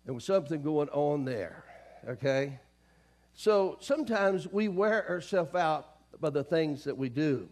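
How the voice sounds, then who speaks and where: Preaching man, loud and rising. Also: a little high, expressive, unhurried. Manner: call-and-response preaching, swings from soft storytelling to loud emphasis. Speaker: pastor. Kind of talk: sermon. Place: church sanctuary.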